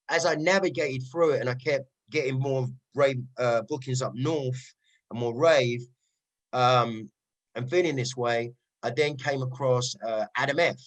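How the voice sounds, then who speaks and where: A middle-aged man with a Cockney accent, a rave MC guest telling stories in a casual interview, animated and often checking in with "right?". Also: mid-range voice, poor audio. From East London. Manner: animated storyteller, frequent "right?" asides.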